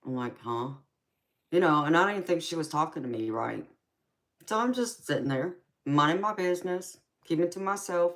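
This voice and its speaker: A woman's voice: on the low side, expressive, brisk. A woman with a Southern US accent in casual live chat as a tarot reader, laughing often and calling listeners "baby". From United States.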